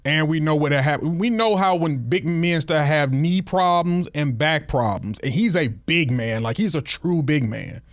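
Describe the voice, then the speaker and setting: A man's voice: fairly high pitch, no echo, studio quality. A man talking basketball in casual podcast chat, often repeating words as he gets a thought going. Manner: halting, repeats words when starting a thought. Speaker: podcast co-host.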